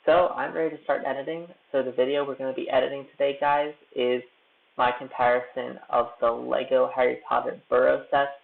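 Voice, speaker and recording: A young man with a medium-pitched, gravelly voice talks briskly in a level tone on a live stream from his hotel room. The YouTube creator rambles casually and pokes fun at himself while editing, and the audio sounds tinny, like a phone.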